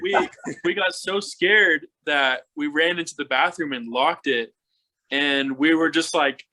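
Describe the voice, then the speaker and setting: A man's voice: on the high side, big pitch swings, unhurried, bright, forceful tone, a little hiss or hum, rough recording. A man casually telling a shared family story, chiming in with added details.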